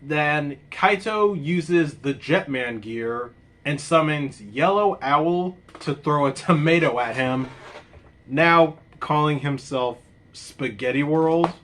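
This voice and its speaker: Guy rambling thru a show review, slightly high voice, laughs a lot. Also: slow, slight background noise. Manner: rambling, laughs often, exclaims loudly. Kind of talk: casual review talk.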